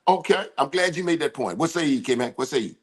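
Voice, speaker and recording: An older man hosting a casual sports talk show, loud and joking, drawling his football banter. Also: on the high side, animated, fairly quick, husky. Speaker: host, former football coach.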